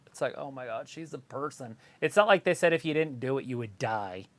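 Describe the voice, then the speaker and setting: A woman co-hosting a casual live stream, chiming in with quick, opinionated asides and stumbling restarts. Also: a bass voice, lively intonation, no echo. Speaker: co-host.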